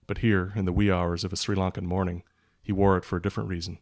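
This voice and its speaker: A man reads from his own thriller novel in a low, deep voice. His delivery stays level and even, with little rise or fall in pitch. He sounds steady and measured, like an author sharing a passage on a podcast. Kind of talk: reading fiction aloud. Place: podcast recording.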